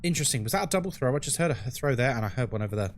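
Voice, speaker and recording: A man's voice: mid-range voice, animated, very fast, a little hiss or hum. A man with a London accent, chatting frankly on a live game stream and answering his chat as he plays. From England.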